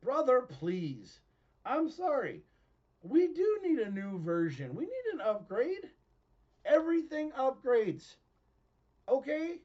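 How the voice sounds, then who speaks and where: Man hosting a home web show, high animated delivery, lo-fi sound. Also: takes it slowly, long pauses. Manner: animated, excitable, often laughing. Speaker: host of his own online show. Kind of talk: excitable ranting monologue.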